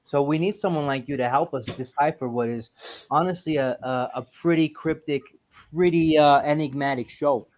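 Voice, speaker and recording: A man's voice: on the high side, normal speed. Rambling male podcast host. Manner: rambling, animated, laughs often. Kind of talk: casual group chat.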